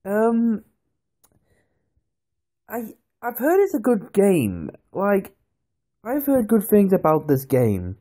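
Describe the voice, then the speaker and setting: A man's voice: high-pitched, wildly swooping pitch, slow pace, pauses often, mellow. A young man casually commenting on a phone game he is playing, rambling and nervous, recorded on the phone itself. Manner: nervous, jumpy, rambling with fillers. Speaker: gaming channel host.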